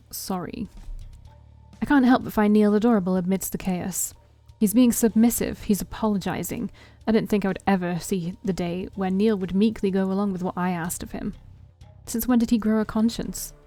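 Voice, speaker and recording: A woman streamer reads a visual novel aloud in the first person with a wry, dry humor. Her voice is mellow and warm, with soft game music playing quietly behind her. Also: medium pitch, steady tone, brisk, dry recording. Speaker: let's play streamer.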